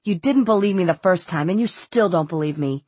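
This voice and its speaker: A defiant teenage boy from a storybook, answering in short, sarcastic bursts. His voice sits low and husky, and the recording is dry and close, as a woman reader puts him on. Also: expressive, a little fast, darkish tone, dry recording. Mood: angry. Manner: curt and sarcastic.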